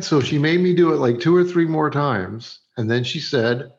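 A man, a TV director, telling a story from a film set in a relaxed way, acting out both sides of the dialogue and laughing often. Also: on the high side, normal speed, hardly any pauses, muffled recording. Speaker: TV director, guest.

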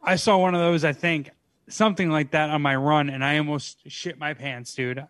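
A man in casual podcast banter, making crude jokes. His voice sits a little high for a man. It is recorded close and dry. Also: steady tone, normal speed, a bit bright, dry recording. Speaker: podcast co-host. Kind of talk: casual chat.

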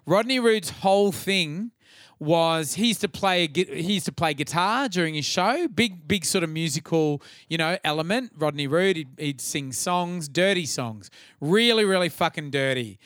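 A middle-aged Australian man hosting a podcast, telling stories in a casual, profane, animated way. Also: on the high side, moderate pace, no room sound, clean studio sound. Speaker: podcast host. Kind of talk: casual chat.

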